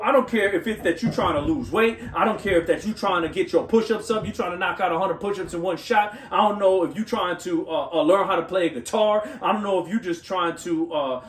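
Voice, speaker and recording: High-voiced man giving an echoey pep talk. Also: far from the mic. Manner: animated storytelling with frequent "right?" tags. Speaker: motivational speaker. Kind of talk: motivational monologue.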